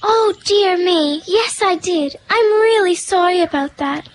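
A woman voicing a polite, apologetic young girl in a high voice. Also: unhurried, slight background noise.

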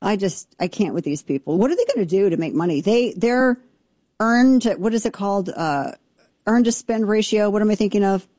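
A brash woman host riffs on politics, sarcastic and fast. Her voice is mellow and dark, at an ordinary pitch. The sound is dry and close to the mic. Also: expressive, no room sound. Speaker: talk show host. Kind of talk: opinionated political talk.

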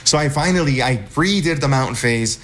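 A man's voice: mid-range voice, fairly quick. A man in his thirties, an army veteran, telling his own story in a candid, conversational way. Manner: candid, conversational, reenacts shouted moments. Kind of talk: personal storytelling.

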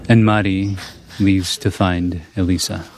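A man narrating a documentary report as the reporter, in a measured, calm storytelling manner. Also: sits low, very noisy. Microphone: studio voice-over mic.

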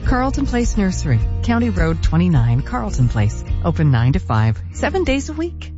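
A woman reading a scripted radio ad in a chatty, lively way. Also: lowish voice, normal speed. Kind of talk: scripted ad read. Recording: dull broadcast audio with music bed.

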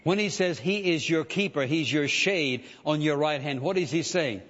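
A male pastor preaches a sermon conversationally, sprinkling in lots of "uh" fillers and "listen" asides. His voice is a little high and fairly bright, at a moderate pace. The recording sounds dull and lo-fi, with the reverberance of a hall.

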